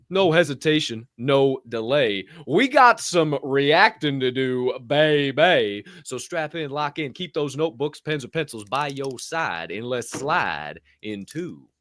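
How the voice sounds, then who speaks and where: A young man hosting a casual podcast, telling stories with swearing and sudden shouted bursts. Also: mid-range voice, very animated, a little slow, no room sound, studio quality. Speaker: podcast host.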